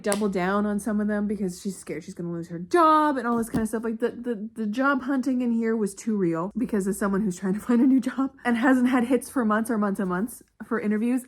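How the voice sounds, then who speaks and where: Candid, swearing young woman reviewing books. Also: fairly high pitch. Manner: candid, swears freely, laughs often. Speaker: book vlogger. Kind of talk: casual reading vlog.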